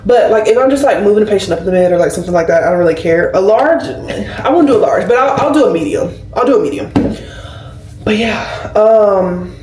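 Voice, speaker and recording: Young woman, twenties, casual vlog chat, animated storytelling, mellow voice, echoey room, slightly distant. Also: medium pitch, fairly quick, slight background noise. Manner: chatty, animated storytelling with lots of fillers. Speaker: nurse and vlogger. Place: indoors at home, doing her hair. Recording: roomy and a bit distant.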